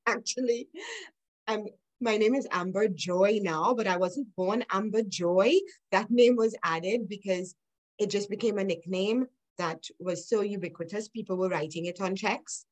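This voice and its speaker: As a guest in an interview, a middle-aged woman shares personal stories in an earnest, reflective way, breaking into light laughs. She speaks unhurriedly at medium pitch, and the recording is rough.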